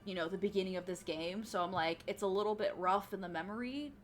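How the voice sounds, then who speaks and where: A woman live-streaming a game chats loosely with her viewers and answers their messages. She rambles with plenty of fillers at a middling pitch. A faint hum sits behind her voice. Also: fast talker. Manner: chatty, answers chat, rambles with many fillers. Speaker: streamer and actor. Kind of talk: casual live-stream chat while gaming.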